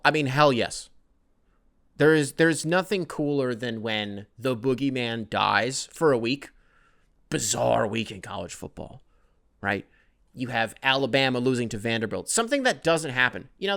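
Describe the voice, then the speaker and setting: A man hosts a casual solo sports podcast, rambling and swearing as he jokes his way through the week. His voice sits at an ordinary middle pitch. The recording is dry and close, with no room sound. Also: expressive, moderate pace, vocal fry, a bit bright, dry recording. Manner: rambling, profane, jokey, reads listener emails aloud. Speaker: podcast host.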